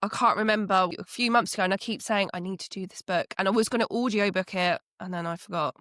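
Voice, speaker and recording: A woman from England co-hosting a podcast in casual chat, relaxed and laughing easily. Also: medium pitch, fast, no room sound, clean studio sound. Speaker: podcast co-host.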